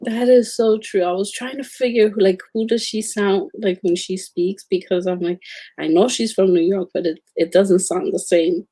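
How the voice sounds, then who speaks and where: A woman's voice: medium pitch, normal speed, breathy edge, no echo. A woman chatting casually from off camera, commenting and laughing easily. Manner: relaxed commenting, easy laughter. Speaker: off-camera companion. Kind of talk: casual chat.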